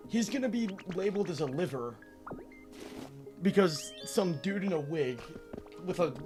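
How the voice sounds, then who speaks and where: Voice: medium pitch, moderate pace. Streamer ranting at chat, swears a lot, voice jumps all over, bit of music under it. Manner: animated, exasperated teasing rant with swearing. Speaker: live streamer. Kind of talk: casual live-stream chat.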